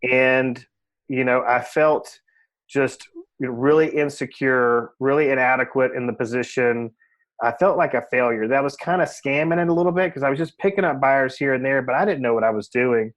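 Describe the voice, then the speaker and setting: Here a man with a medium-pitched voice at normal speed shares his personal story on a podcast. He works in real estate and speaks candidly and reflectively in a casual interview style, often saying "you know."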